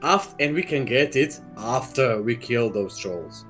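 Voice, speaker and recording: A man's voice: medium pitch, lively intonation, over music. A man playing a tabletop game, planning out moves in a casual way. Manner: planning, quick repeated no's. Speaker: player.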